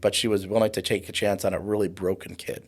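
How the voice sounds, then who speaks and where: A man's voice: deep voice, little pitch movement, quick pace, breathy edge. A man in his forties, a guest on an interview show, telling a personal story vividly and acting out the voices of people in it. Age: 40s. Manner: vivid storyteller who acts out quoted voices. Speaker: guest, trauma coach.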